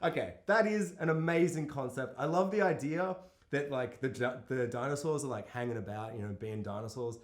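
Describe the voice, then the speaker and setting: A man co-hosting a casual film discussion podcast, animated and incredulous, swearing and acting out lines from the film. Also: mid-range voice, fairly quick, few pauses. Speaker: podcast co-host. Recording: echoey room.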